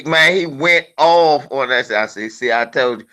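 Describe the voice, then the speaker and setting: A man's voice: medium pitch, moderate pace. A middle-aged man in a casual chat, swearing freely and laughing as he tells stories about his kids. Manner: profane, laughing, animated storyteller.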